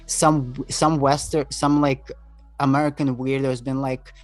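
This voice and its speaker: A man from Eastern Europe chatting casually on a podcast, halting and restarting often, with frequent swearing. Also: medium pitch, flat delivery, darkish tone, dry recording, soft background music. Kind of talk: casual chat.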